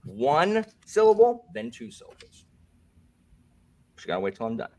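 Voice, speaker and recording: Animated, high-voiced male quiz host. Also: normal speed, gravelly. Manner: playful, jokey, reads clues twice. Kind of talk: hosting a bookish quiz game. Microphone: desk microphone.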